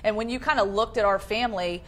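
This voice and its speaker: A woman in her thirties, an interview guest, telling a personal story in an earnest, halting way with many fillers, on a low-quality live-stream video. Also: a little hiss or hum.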